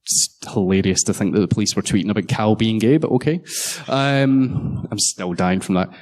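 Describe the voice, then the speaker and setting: A man's voice: lowish voice, moderate pace, darkish tone. A man giving a conference talk, jokey and sarcastic, swearing freely. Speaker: conference speaker. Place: conference hall.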